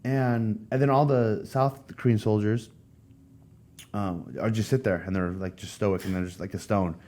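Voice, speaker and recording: A man in his thirties from the United States, a podcast guest, tells a story in casual conversation. He speaks at a normal speed in a fairly low voice, animated and acting out the voices of the people he quotes.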